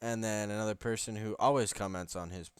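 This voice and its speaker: A man's voice: lowish voice, fairly even intonation, a little fast, clear, resonant tone, no room sound, clean studio sound. A young man co-hosting a casual podcast as a hockey coach, joking as he reads posts aloud.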